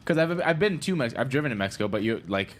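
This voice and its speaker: A man's voice: mid-range voice, lively intonation. A man co-hosting a podcast, joking around and teasing the others. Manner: joking, quick to tease. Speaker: podcast co-host. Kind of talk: casual podcast banter.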